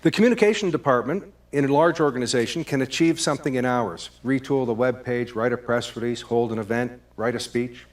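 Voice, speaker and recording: A man, a presenter giving a scripted talk on communication in a lively storytelling manner. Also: medium pitch, a little fast, hardly any pauses. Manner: lively storyteller, acts out both sides of a call. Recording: distant microphone.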